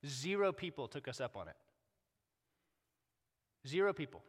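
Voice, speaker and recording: A male pastor preaching a conversational sermon, animated, with repeated rhetorical questions. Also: on the high side, moderate pace, slightly rough. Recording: long hall reverb.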